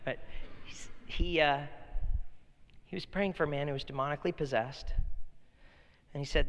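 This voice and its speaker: A man preaching a sermon with a bright, forceful voice that rings out in a large hall with long reverb. He swings between loud emphatic peaks and soft, close storytelling. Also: on the high side, fairly even intonation, moderate pace. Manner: preaching, swinging from loud emphatic bursts to quiet intimate talk. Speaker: pastor.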